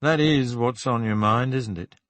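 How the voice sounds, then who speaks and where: A man voicing a calm middle-aged police inspector who questions a suspect in a level, firm way. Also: mid-range voice, measured pace, no room sound, close to an everyday voice.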